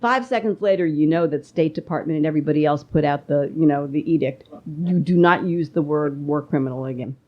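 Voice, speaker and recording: A woman hosting a political interview podcast, talking in an animated, opinionated way. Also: deep voice, a little fast, hardly any pauses, lo-fi sound. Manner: animated, opinionated, rising to exclamation. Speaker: podcast host.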